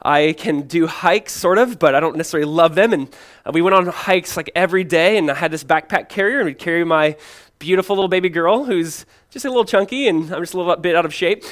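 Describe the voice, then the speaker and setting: A young adult man, a pastor, giving a sermon in a relaxed, conversational storytelling way with lots of casual fillers. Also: a little high. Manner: conversational storytelling, many fillers like "like" and "you know".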